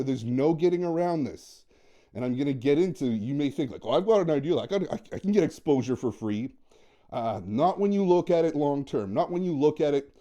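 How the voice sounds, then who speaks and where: Male dating coach, emphatic monologue, dark-toned, slightly high voice. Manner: emphatic, repetitive, acts out quoted dialogue. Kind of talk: motivational monologue.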